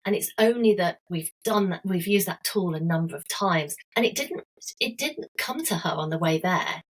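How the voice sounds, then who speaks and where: A woman's voice: lowish voice, expressive, moderate pace, rough recording. A woman, a health coach guest, talking earnestly and telling stories with everyday examples in a conversational interview.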